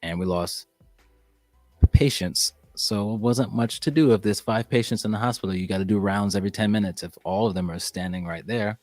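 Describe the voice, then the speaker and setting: A young man as a podcast guest, chatting casually and telling animated, profane stories. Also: fairly low pitch, fairly quick, no room sound. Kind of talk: casual chat.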